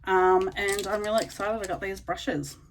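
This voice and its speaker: Chatty, excitable Australian woman vlogger. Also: medium pitch, moderate pace, a little hiss or hum. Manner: chatty and excitable, full of ums and likes. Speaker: beauty vlogger. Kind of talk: casual unboxing chat to camera.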